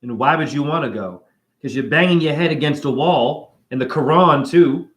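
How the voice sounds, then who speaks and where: A man hosting a spiritual video, rambling in an erratic, free-associating monologue with shouted asides. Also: a little high, moderate pace.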